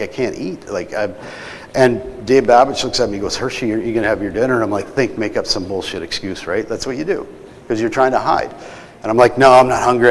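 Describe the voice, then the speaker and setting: A middle-aged man candidly telling an emotional personal story to an audience, often checking in with "right?". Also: mid-range voice. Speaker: keynote speaker. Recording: long hall reverb.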